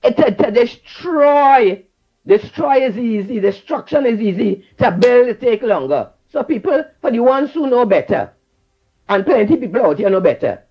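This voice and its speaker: Through a dull, lo-fi connection, a caller with a Trinidadian accent scolds with fervor on a call-in show, circling back to the same phrases. The voice is mid-range and sing-song, at a normal speed.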